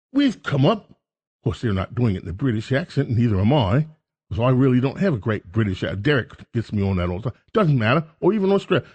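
A man's voice: medium pitch, darkish tone. A man hosting a talk radio show, rambling through a jokey, self-mocking monologue.

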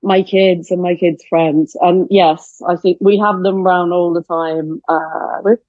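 A woman's voice: lowish voice, fairly even intonation, measured pace, dry recording, phone-quality sound. A middle-aged Italian woman with an Italian accent, chatting as a podcast guest and laughing often. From Italy. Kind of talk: casual podcast chat. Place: home.

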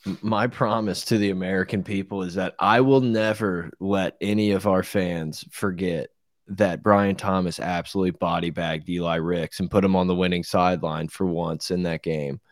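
A man hosting a casual sports podcast, animated and swearing, laughing often. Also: low voice, moderate pace, no room sound, studio quality.

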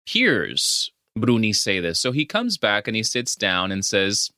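A man's voice: fairly low pitch, unhurried, dry recording, clean studio sound. A man co-hosting a casual film podcast, recapping scenes with lots of swearing and acted-out dialogue. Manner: animated, swears often, acts out scenes from the film. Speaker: podcast co-host.

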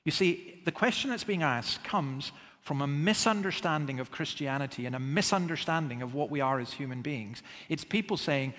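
A man preaching with earnest emphasis, pressing his listeners with rhetorical questions. His voice sits a little higher than most men's. The sound rings with the long reverb of a hall. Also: expressive, moderate pace, a bit bright. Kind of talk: sermon.

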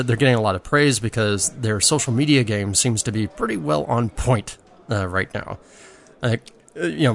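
A man's voice: lowish voice, gravelly. A man co-hosting a homebrewing podcast, recapping news in a chatty, exclamatory way. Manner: chatty, exclamatory, lively storytelling. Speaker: podcast co-host. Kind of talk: casual chat.

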